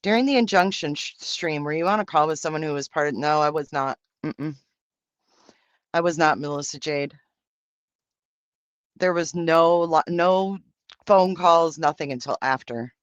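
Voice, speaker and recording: A man's voice: fairly high pitch, moderate pace, pauses often, a bit bright, no echo, lo-fi sound. A man hosting a livestream, reading out and answering viewer comments in brash, profane, campy banter. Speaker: livestream host.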